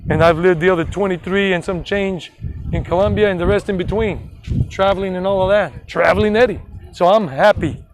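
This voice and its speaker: A man's voice: high-pitched, fairly even intonation, fairly quick, slight background noise, poor audio. A man in his forties with a mixed Southern and New York American accent, chatting casually and rambling on a live travel stream from outdoors near a beach. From United States. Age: 40s. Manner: chatty, rambling, self-promoting. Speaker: travel vlogger.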